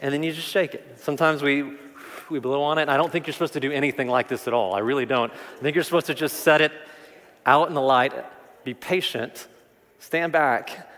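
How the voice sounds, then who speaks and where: A man's voice: a little high, a little fast. A man preaching a sermon as pastor, talking conversationally, repeating words and rising with emphasis. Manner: conversational, animated preaching with repetitions. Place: church sanctuary. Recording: long reverb of a large hall.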